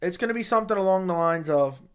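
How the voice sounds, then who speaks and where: Young man, livestream host, laid-back, low-key, swears a lot, slightly high voice. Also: expressive, fast talker, clear, resonant tone. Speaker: livestream host reading chat. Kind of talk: casual livestream chat.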